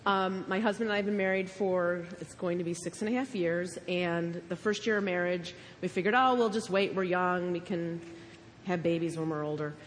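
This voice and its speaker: A woman's voice: fairly low pitch, steady tone, moderate pace, long reverb tail, a little hiss or hum. A young woman sharing a personal testimony in church, earnest and emotional.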